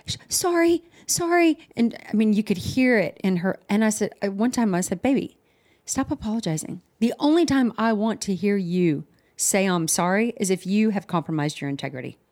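A woman's voice: mid-range voice, a little fast, a little mellow. A woman co-hosting a casual podcast, talking in an emphatic, encouraging way. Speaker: podcast co-host. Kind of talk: casual chat.

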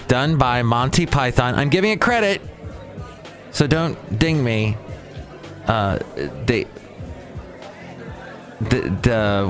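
Rambling playful male podcast host. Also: fairly low pitch. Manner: playful, digressive, self-mocking.

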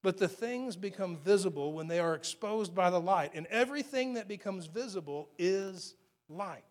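A man preaching a sermon as pastor, moving between loud emphatic lines and quiet, hushed ones. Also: sits high, animated, normal speed.

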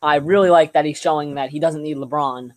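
A man's voice: on the high side, fairly quick. Young man chatting casually about sports. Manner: relaxed, rambling with fillers and restarts. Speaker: podcast co-host.

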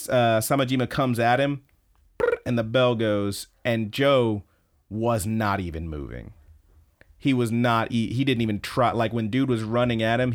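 A man co-hosting a podcast, casually retelling a story with lots of swearing and quoted lines. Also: mid-range voice. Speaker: podcast co-host. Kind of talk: casual recap chat.

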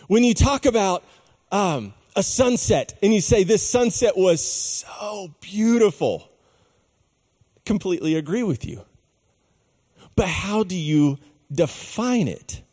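A man preaching a sermon, slow and emphatic, with dramatic pauses on key words. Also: high-pitched, darkish tone, husky, in a large hall. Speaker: pastor.

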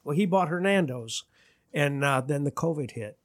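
A man's voice: on the high side, expressive, normal speed, no echo, clean studio sound. A man, a musician guest, telling rambling anecdotes in casual chat and acting out the quotes. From Detroit area. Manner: rambling anecdotes, acts out quotes, laughs at himself.

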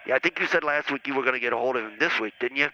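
Bright and forceful, a man's mid-range voice comes through very fast as he calls in to a comedy show. He rambles and needles with many hesitant uhs, heard over a muffled call-in line with faint noise.

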